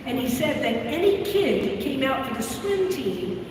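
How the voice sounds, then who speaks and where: A woman's voice: high-pitched, very animated, moderate pace. A woman in her seventies from Florida, giving a dramatic storytelling speech on stage at a convention, vivid and theatrical. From Florida, USA. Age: 70s. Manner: theatrical, vivid, acts out voices. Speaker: keynote speaker. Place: large convention hall, on stage. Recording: echoey hall, distant mic, room noise.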